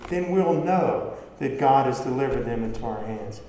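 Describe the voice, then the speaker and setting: A man's voice: mid-range voice, animated, normal speed, few pauses, warm tone, slight background noise. A man preaching a sermon in a conversational way, asking his congregation rhetorical questions. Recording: echoey hall with long reverb, faint ambience.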